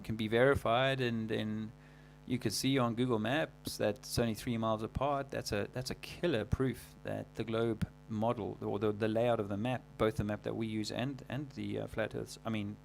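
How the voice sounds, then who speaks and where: A man hosting a livestream, talking casually in a rambling, halting way full of fillers and restarts. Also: lowish voice, creaky, slight background noise. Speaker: livestream host.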